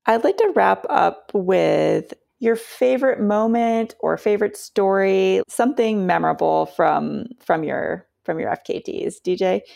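Gravelly-voiced woman hosting a chat. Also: mid-range voice, a little slow, few pauses. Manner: relaxed, prompts guests by name. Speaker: podcast host. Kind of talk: casual interview chat.

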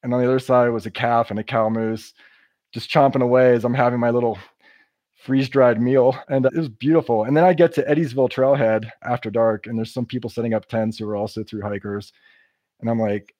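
A man's voice: mid-range voice, steady tone, brisk, a little mellow, dry recording. A man, a podcast guest, telling a hiking story in a casual, descriptive way. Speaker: guest, long-distance hiker.

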